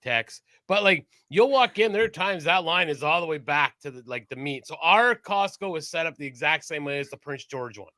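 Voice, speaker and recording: A man co-hosting a podcast in casual chat, animated, laughing often and swearing freely. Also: fairly high pitch, normal speed, few pauses, no echo, clean studio sound. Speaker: podcast co-host.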